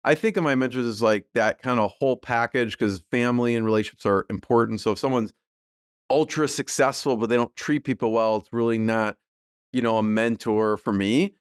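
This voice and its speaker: A middle-aged man, a podcast guest, talking casually and thoughtfully with many fillers and soft laughs. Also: medium pitch, fairly quick, clear, resonant tone, dry recording, clean studio sound. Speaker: podcast guest, business co-founder. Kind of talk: casual interview conversation.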